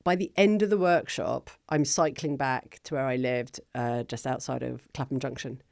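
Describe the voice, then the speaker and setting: A woman's voice: very deep voice, steady tone, normal speed, gravelly, no echo. Chatty middle-aged woman, dry sound. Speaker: guest, business founder. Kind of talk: casual interview storytelling.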